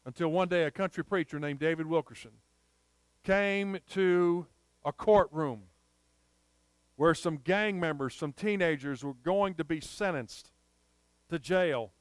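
A male preacher delivers a sermon in an emphatic storytelling manner, stretching out repeated phrases. His voice is smooth and slightly high. The sound is dry and close-miked. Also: unhurried, long pauses, no echo.

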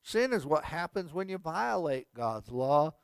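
A man's voice: a little high, very animated, a little slow, creaky, clean tone, no echo. A male pastor giving a sermon, emphatic, with repeated phrases and casual asides. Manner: emphatic preaching with repetition and asides.

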